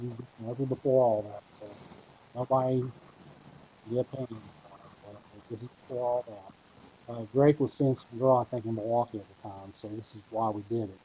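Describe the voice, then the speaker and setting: A man's voice: medium pitch, warm tone, slightly rough, muffled recording. A man being interviewed, telling a long story casually with many fillers and restarts. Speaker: wrestler guest.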